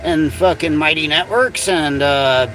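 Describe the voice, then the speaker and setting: Man, high voice, heated, profane, repetitive, livestream rant. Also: unhurried, fairly bright tone, low-quality recording. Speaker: livestream host.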